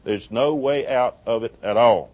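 A middle-aged man preaching a sermon, telling a personal story with lively quoted dialogue and laughing at his own jokes. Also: mid-range voice, unhurried, lo-fi sound.

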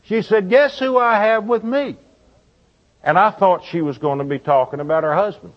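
A man preaching, telling a marriage counseling story and acting out the people in it with lively quoted voices. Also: sits high, moderate pace. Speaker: pastor. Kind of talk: storytelling sermon. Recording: dull lo-fi recording.

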